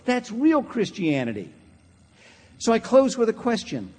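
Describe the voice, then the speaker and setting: A male pastor delivers a narrative sermon in a high, husky voice. His words ring through a large sanctuary with a long reverb. He closes slow and hushed. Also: huge pitch swings. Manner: storytelling preacher, ending in a slow, hushed close.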